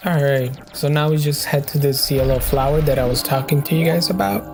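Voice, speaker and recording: A man's voice: fairly high pitch, fairly even intonation, a little fast, music in the background. A man casually narrating his gameplay in a rambling, joking way. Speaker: gaming video host.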